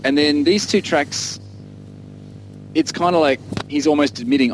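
A man's voice: a little high, measured pace, slight background noise, poor audio. A man co-hosting a casual music podcast, rambling enthusiastically and laughing often. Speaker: podcast co-host discussing an album.

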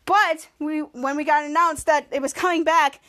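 A woman hosting a podcast, recapping a TV episode in a casual, excited way and acting out the characters' lines. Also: sits high, normal speed. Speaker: podcast host.

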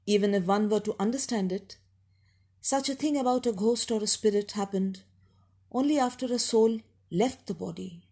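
Woman narrating a spooky tale, unhurried, husky-soft tone. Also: mid-range voice. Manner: measured, unhurried reading. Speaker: storyteller. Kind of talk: storybook narration.

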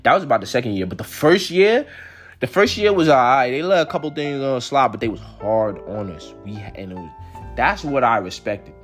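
A young man, telling a casual personal story in slangy, profane speech with big swings in pitch. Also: expressive, fairly quick, soft background music.

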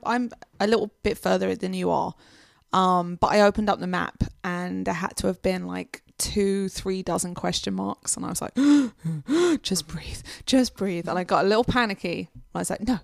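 A woman's voice: fairly low pitch, steady tone, brisk, vocal fry, no room sound, studio quality. A woman with a British accent co-hosting a podcast, chatting casually and telling stories about video games. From Britain. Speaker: podcast co-host.

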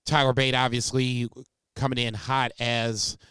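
A man co-hosting a casual podcast, giving relaxed, rambling opinions. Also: medium pitch, measured pace, clean tone, dry recording, studio quality. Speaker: podcast co-host.

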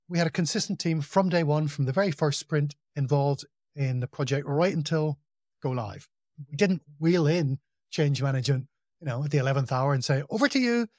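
A man talking casually as a podcast guest, telling work stories in a relaxed, self-deprecating way. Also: fairly high pitch, dry recording, clean studio sound. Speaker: podcast guest, project implementation consultant. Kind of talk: casual conversational interview.

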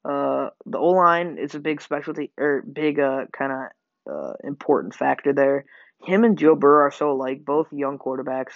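A man with a medium-pitched, creaky voice speaks at normal speed on a dry recording from a dull lo-fi home mic. Hosting a sports podcast, he rambles through game predictions with many fillers and self-corrections.

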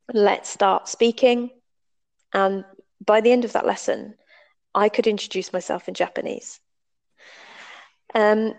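Gravelly-voiced woman telling a story. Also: mid-range voice, warm tone. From United Kingdom. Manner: conversational, explains step by step with frequent ums. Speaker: storyteller recalling a language class. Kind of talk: casual spoken storytelling.

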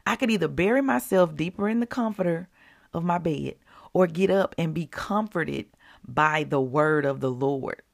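A woman with a low, creaky voice and lively intonation hosts a devotional podcast. She talks conversationally to her listeners and reads scripture slowly and deliberately.

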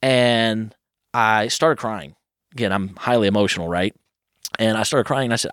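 A man in his thirties, a guest telling personal stories in a lively, casual way, acting out what others said. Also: fairly low pitch, clean tone, no room sound, studio quality. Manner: animated, quotes others in quick asides. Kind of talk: casual storytelling.

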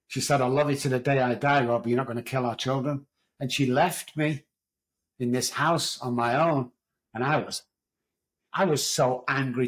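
A man's voice: medium pitch, rough recording. A middle-aged man with an English accent, a podcast guest telling his story in a candid, raw way, swearing freely. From England. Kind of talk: storytelling interview.

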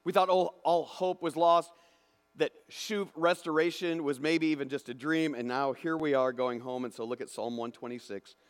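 Man, sermon, animated preacher, high-pitched voice, long hall reverb. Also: moderate pace, clear, resonant tone. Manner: animated, acts out imagined voices, swings from loud to hushed. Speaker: pastor.

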